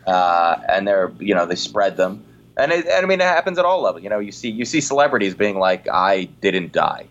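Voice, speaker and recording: A comedian in casual chat, talking in rambling sentences full of "you know". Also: male voice, fairly low pitch, sing-song, fairly quick, dull audio.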